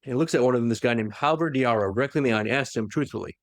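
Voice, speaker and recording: A man's voice: medium pitch, no echo, clean studio sound. A man casually retelling a story on a podcast, animatedly acting out the characters' lines. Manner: animated, acts out characters' lines in quick voices. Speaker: podcast co-host retelling a novel. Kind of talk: casual lore recap chat.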